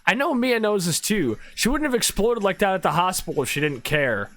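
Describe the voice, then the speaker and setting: A man's voice: high-pitched, lively intonation, brisk, fairly bright tone. An actor playing a weary young husband and father weighed down by guilt, in a subdued, plain delivery. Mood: troubled. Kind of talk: video game voice acting.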